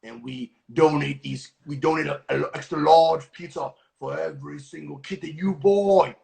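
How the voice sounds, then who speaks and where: A man hosting a casual livestream cooking class, talking in a goofy, playful way with mock-rough slang. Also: a little high, expressive, moderate pace, darkish tone.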